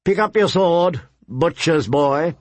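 A man's voice: a little high, lively intonation, slow, no room sound, voice pushed up. Male narrator doing a spoiled teen prince, commanding and mocking, for an audiobook. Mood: taunting. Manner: sneering, commanding. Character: arrogant cruel teenage boy prince.

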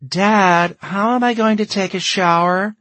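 Man putting on a complaining teen daughter, high and shrill, dry close sound. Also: measured pace, a bit bright, no echo. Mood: exasperated. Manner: shrill, exasperated. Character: upset teenage girl, shrill and complaining.

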